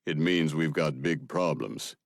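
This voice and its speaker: A man voicing a calm, protective soldier in an audiobook, firm and clipped. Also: rumbling low, a little slow, vocal fry, dry recording, clean studio sound, full character voice.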